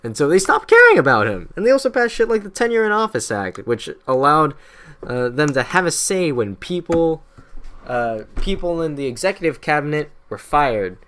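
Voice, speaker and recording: A man's voice: fairly high pitch, big pitch swings, moderate pace, a bit bright. Irreverent young man swearing through history. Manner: irreverent, swears constantly, drops into mocking quoted voices. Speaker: history explainer. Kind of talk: casual profane history narration.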